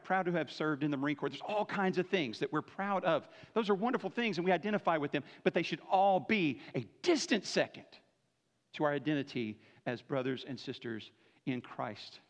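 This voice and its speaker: A man's voice: fairly high pitch, fairly quick. A man preaching a sermon to his church in a casual, conversational way, checking in with listeners by asking "right?" often. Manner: conversational preaching, frequent "right?" tag questions. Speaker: pastor. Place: church sanctuary. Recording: dull lo-fi church hall recording.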